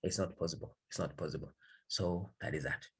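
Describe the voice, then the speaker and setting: A male English teacher explains grammar in a husky, breathy voice. He repeats key phrases for emphasis and keeps asking whether his students are following. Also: low-pitched, a little fast. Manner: repetitive, emphatic, checks understanding. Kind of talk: grammar lesson.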